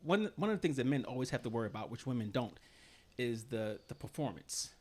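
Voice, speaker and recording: A man's voice: mid-range voice, expressive, quick pace, darkish tone. A man hosting a podcast, chatting casually in a laid-back, teasing way and laughing easily. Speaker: podcast host.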